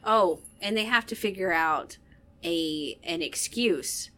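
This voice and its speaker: A woman's voice: fairly low pitch, slow pace, a bit bright. A woman chatting casually about a film and chiming in with amused comments. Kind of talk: casual movie chat.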